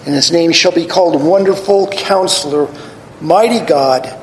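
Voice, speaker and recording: A middle-aged man preaching and reading scripture slowly and deliberately, building emphasis on key phrases. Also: on the high side, a little hiss or hum. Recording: long hall reverb, faint ambience.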